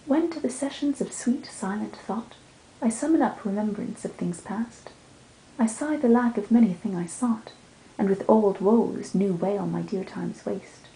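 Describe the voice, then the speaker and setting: A woman reviewing books and reading poems aloud in a measured, lilting cadence. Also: mid-range voice, creaky, dark tone, slight background noise. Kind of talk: book talk with poetry readings. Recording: roomy sound with music underneath.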